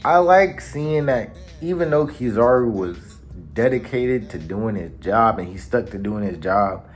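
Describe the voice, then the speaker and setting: A man hosts a casual recap and tells the story in a slangy way. His pitch swings widely as he builds the drama. Faint music plays behind his voice. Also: expressive, measured pace. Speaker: anime channel host. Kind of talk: casual manga chapter recap.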